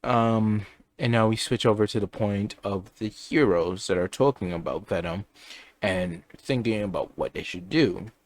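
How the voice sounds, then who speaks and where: A man's voice: lowish voice, unhurried, no room sound. A young man casually improvising a fan story aloud, rambling and correcting himself as he goes. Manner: rambling, self-correcting, chatty.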